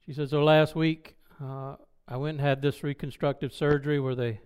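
A man preaching in a smooth, clear voice that sits a bit high for a man. He tells a personal story with animated delivery and acts out each person's lines. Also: normal speed. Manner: animated storytelling with quoted dialogue; loud when excited. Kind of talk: sermon storytelling.

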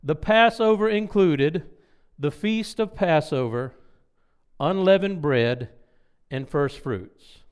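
A male preacher teaching his congregation with emphatic stresses and deliberate slowdowns on key words. His voice is smooth and resonant and sits a little higher than most men's. He breaks off now and then for quick asides to the room. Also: darkish tone. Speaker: pastor teaching a Bible study. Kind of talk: sermon-style Bible teaching.

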